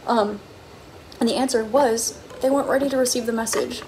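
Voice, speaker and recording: A woman's voice: a little high, fairly even intonation, brisk, background noise. A woman giving a casual, chatty tarot card reading, bubbly and full of "like" and "okay?".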